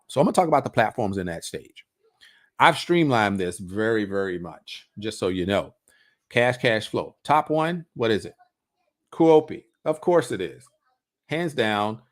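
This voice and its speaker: Lively, animated man talking to his viewers. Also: medium pitch, a little slow. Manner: animated, repeats words, rhetorical questions. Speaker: coach hosting a livestream on passive income. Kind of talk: casual livestream talk.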